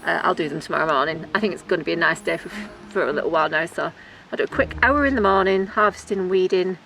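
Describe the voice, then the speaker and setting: A woman's voice: fairly low pitch, fast talker, vocal fry, fairly bright tone, faint music behind. A woman hosting her gardening vlog outdoors in the garden, chatting casually and enthusiastically and giggling often. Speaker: gardening vlogger. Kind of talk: casual chat.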